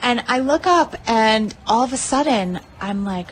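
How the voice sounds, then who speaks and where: A woman gushing excitedly through a story of her own win, swearing freely and full of "like" and "you know.". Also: medium pitch, normal speed, hardly any pauses. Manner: uses many fillers like "like" and "you know". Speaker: pinball player telling a tournament story. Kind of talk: casual storytelling monologue.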